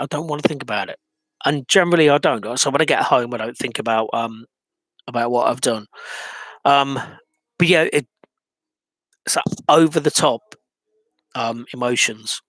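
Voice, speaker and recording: Man, mid pitch, halting and reflective, lots of ums, dry close recording. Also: a bit bright, no room sound. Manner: hesitant, many ums and restarts, reflective. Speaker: vlogger. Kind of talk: personal monologue.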